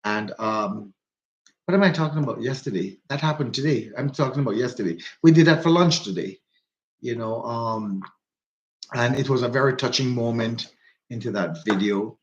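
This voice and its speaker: A man's voice: mid-range voice, normal speed, muffled recording. A man with a Jamaican accent hosting a casual live chat with viewers, rambling and repeating himself for emphasis. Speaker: livestream host.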